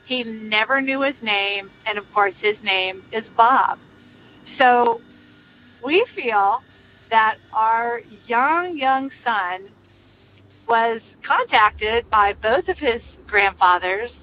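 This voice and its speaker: An older woman earnestly telling a personal ghost story in a casual, meandering way, with many pauses. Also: fairly high pitch. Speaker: caller sharing a ghost story. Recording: slightly muffled, faint music behind.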